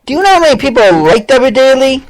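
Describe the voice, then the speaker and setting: A woman's voice: high voice, very animated, quick pace, slight background noise, low-quality recording. A woman hosting an online talk show, mocking a rival in sarcastic, exclaiming commentary. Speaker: podcast host. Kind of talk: ranting commentary on a played clip.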